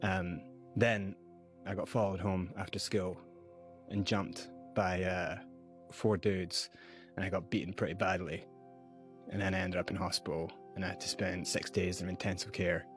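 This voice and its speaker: Scottish guy recounting his past in an interview, lowish voice, lively telling. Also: moderate pace, faint music behind. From Scotland and South Africa. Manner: animated, vivid recounting. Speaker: guest. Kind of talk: interview, personal story.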